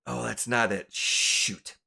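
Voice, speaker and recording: A man running a tabletop game as game master, lively and a bit flustered while checking rules. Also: medium pitch, slow pace, gravelly, husky.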